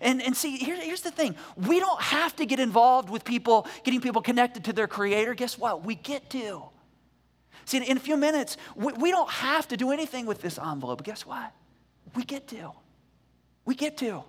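A man preaching a sermon as pastor, energetic and conversational, often restarting his words. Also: very high-pitched, normal speed. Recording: echoey church hall reverb.

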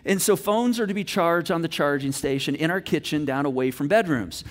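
A middle-aged man preaching a sermon, telling family stories with animated delivery and acting out voices. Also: fairly high pitch, fairly quick. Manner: animated storytelling, acts out voices of himself and his daughter. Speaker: pastor.

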